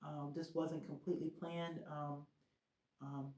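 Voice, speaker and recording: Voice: mid-range voice, level tone, a little slow, dark tone. A podcast host chatting casually on their own, rambling with lots of "um" and "like" fillers. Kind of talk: casual solo podcast chat. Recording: roomy echo.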